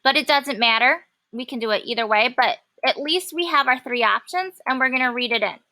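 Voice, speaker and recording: A woman teaching a programming lesson, talking casually and thinking aloud with many pauses and fillers. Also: high-pitched, bright, forceful tone. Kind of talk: classroom coding lesson.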